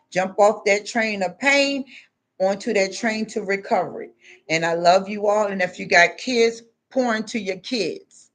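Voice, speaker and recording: A woman's voice: medium pitch, a bit bright. Emphatic preachy woman vlogger. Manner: emphatic, repetitive, slangy. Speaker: spiritual vlogger. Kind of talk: preachy motivational monologue.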